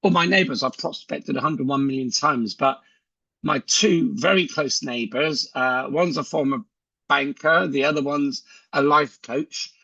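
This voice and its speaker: A man's voice: fairly high pitch, measured pace, vocal fry, bright, forceful tone, husky, no echo, dull audio. A man giving a chatty sales training talk on a video call, telling stories and acting out conversations. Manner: chatty storyteller who acts out dialogue.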